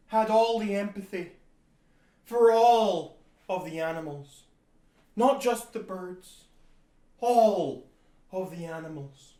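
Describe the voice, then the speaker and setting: A man improvising a one-man play in a solemn, formal deadpan, sometimes bursting into bird cries. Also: high voice. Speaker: solo improv performer, as the bird lover. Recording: roomy, from a distance.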